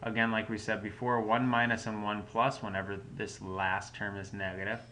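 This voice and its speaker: A man's voice: fairly low pitch, flat delivery, normal speed, pushed and bright, a little hiss or hum. A man teaching a recorded math lesson at home, explaining each step patiently in a casual way. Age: adult parent.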